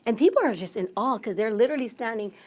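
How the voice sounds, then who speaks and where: A woman, a radio emcee, telling a story as a guest in a bubbly, excitable way, acting out the voices of the people in it. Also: a little high, quick pace. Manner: bubbly, excitable, acts out quotes. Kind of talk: animated storytelling in conversation.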